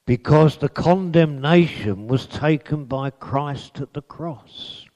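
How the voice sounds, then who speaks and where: Slow, earnest male preacher. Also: medium pitch, lively intonation, a little mellow. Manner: slow, earnest, rising to emphatic peaks on repeated phrases. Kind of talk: sermon.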